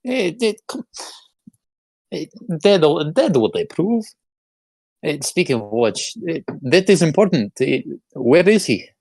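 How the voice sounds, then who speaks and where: A flustered grown daughter, played by a man at a tabletop game, stumbling over her words with sheepish stammers. The voice stays slow and sits in an ordinary middle pitch, recorded dry and close. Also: big pitch swings, a little mellow, no room sound, heavily acted. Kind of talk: tabletop role-play.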